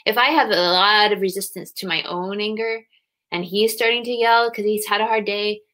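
A woman's voice: mid-range voice, moderate pace. A woman in her thirties speaking as a guest in an interview, earnest and reflective, acting out parents and children as she explains. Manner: earnest, animated when acting out parents and kids. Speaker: guest, grief companion trainer. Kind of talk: conversational interview.

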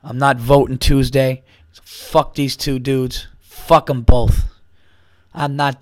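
A man's voice: medium pitch, steady tone, slow pace, a little mellow, no room sound, studio quality. Profane, ranting male podcast host. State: a little buzzed. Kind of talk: casual monologue.

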